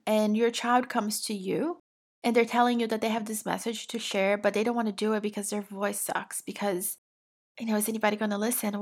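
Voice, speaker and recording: Woman w/ an accent doing a motivational podcast rant, warm-hearted pep talk, bit high pitched. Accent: non-native English accent. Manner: encouraging, empathetic, chatty and emphatic. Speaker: podcast host.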